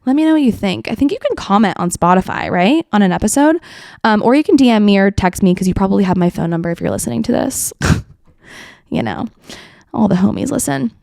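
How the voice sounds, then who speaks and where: A chatty young woman in her twenties talks through her solo podcast, filling gaps with likes and ums and dropping sarcastic asides. Her voice sits at a middling pitch and sounds dry and close, with almost no room around it. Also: expressive, fairly quick, vocal fry, a little mellow, no echo. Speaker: podcast host. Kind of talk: casual solo podcast commentary.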